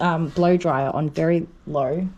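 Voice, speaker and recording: A woman's voice: sits low, fairly even intonation, unhurried, dark tone, highs cut off. A woman dog groomer chatting on a live stream from her grooming salon, cooing over a tiny dog and sometimes dropping to a whisper.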